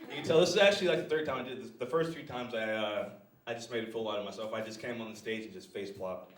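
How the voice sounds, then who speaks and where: Performing crude stand-up on a small club stage, a young man keeps laughing at his own material. His mid-range voice moves fast, and the recording comes from far away in a roomy live space.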